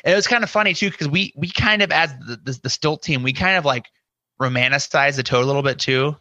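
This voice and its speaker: A man's voice: on the high side, quick pace, bright, forceful tone, no room sound, muffled recording. A man guesting on a podcast, telling a story casually with lots of "you know" and acted-out inner quotes. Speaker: podcast guest, scare actor.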